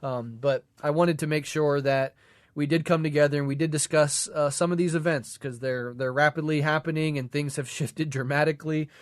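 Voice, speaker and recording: A man's voice: fairly high pitch, steady tone, a little fast, no echo, clean studio sound. Congested man hosting a political podcast. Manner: loose and rambling, with many fillers. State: congested from a cold. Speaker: podcast co-host. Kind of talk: casual political discussion.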